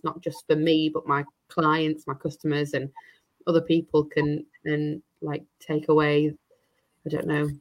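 A woman's voice: low-pitched, a bit bright. A woman, an estate agent, chatting as an interview guest, rambling with many restarts and fillers. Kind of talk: casual interview chat.

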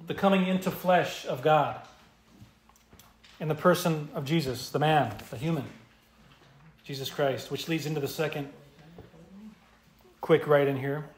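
A man's voice: fairly high pitch, reverberant. A male pastor preaching an expository sermon, emphatic and repeating key phrases for stress. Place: church.

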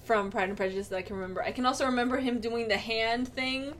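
A young woman talks on a casual podcast with a blunt, teasing edge and swears freely. Her voice sits a little high. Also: steady tone, quick pace, fairly bright tone, slight background noise. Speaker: podcast co-host. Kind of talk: casual chat.

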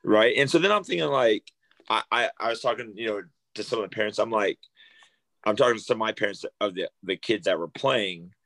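A man talking casually on a podcast, rambling through a complaint with plenty of fillers. His voice is very deep, and the recording is dry and close. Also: a little fast, gravelly, fairly bright tone, no echo. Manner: rambling, filler-heavy venting. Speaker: podcast co-host, parent. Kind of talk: casual chat.

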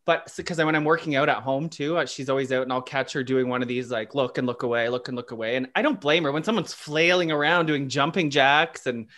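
With a mid-range, fairly bright voice, a man talks fast and rarely pauses, keeping his intonation fairly even. As a podcast co-host in casual chat, he rambles through personal stories, laughing and teasing himself playfully.

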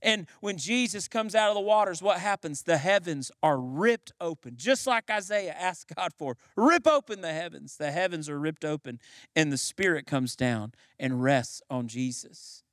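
A man's voice: fairly high pitch, moderate pace, a bit bright, dry recording, studio quality. A middle-aged man preaching a sermon as pastor, building to emphatic, repeated lines. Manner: preaching with rising emphasis and repetition.

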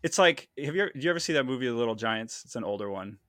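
Guy with a bright edgy voice, dry close mic, cracking jokes about football. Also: medium pitch, lively intonation, fast talker, dry recording. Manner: joking, laughs easily, acts out voices. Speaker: podcast co-host. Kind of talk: casual sports chat.

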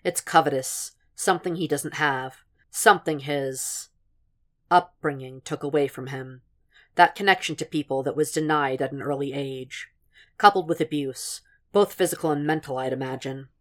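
A woman reading the lines of a weary, troubled male investigator in a flat, tired delivery. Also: low voice, normal speed, lightly acted.

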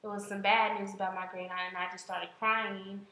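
A woman's voice: mid-range voice, little pitch movement, normal speed, bright, forceful tone, echoey room, low-quality recording. A young woman co-hosting a casual chat, talking at length with many fillers and restarts. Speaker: podcast co-host.

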